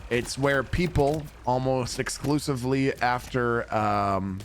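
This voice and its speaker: A man's voice: medium pitch, fairly even intonation, slow, a little hiss or hum. Chatty man streaming to chat. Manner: rambling and chatty, with casual swearing. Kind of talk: casual chat with viewers while gaming.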